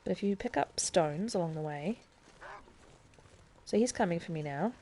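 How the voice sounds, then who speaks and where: Chatty woman streamer with a low, mellow voice. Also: expressive, normal speed, slight background noise. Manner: chatty and explanatory, thinking aloud as she plays. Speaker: game streamer. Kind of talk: casual live-stream gameplay tutorial.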